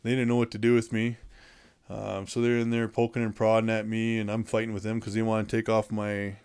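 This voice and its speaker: A man's voice: fairly low pitch, monotone, brisk, a little mellow, smooth. A man being interviewed, recounting events in a plainspoken, matter-of-fact way with many fillers and restarts. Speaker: interview guest. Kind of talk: casual storytelling in conversation.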